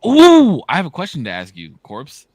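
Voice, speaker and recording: A man's voice: a little high, moderate pace, dry recording. A man in his thirties, co-hosting a podcast and telling stories in casual, slangy, profane chat. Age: 30s. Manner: animated storyteller, slangy and profane. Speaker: podcast co-host.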